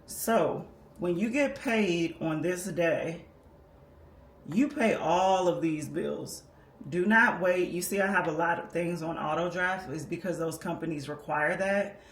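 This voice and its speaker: A woman walking viewers patiently and methodically through a budgeting tutorial, explaining as she works on paper. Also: on the low side. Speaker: personal finance creator. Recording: echoey room with faint background noise.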